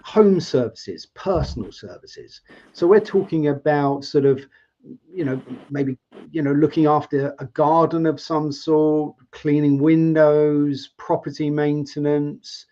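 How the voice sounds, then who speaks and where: A man hosts a live interview, chatting through long, wandering questions. His voice sits a bit high for a man. The sound is dull and lo-fi, as over a video call. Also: measured pace, dark tone. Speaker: host.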